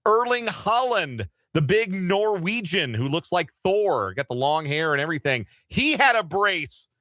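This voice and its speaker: A man hosting a sports radio show, reading the soccer headlines in a loose, joking way with asides and quick self-corrections. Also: high-pitched, sing-song, sharp tone, dry recording.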